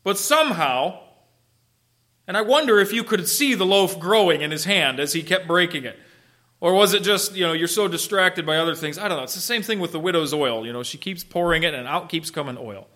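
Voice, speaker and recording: A man preaching a sermon, animated and conversational, swinging from loud emphasis to soft asides and asking his listeners questions. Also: high-pitched, a little fast. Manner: conversational, asks the listeners questions and answers them. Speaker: pastor.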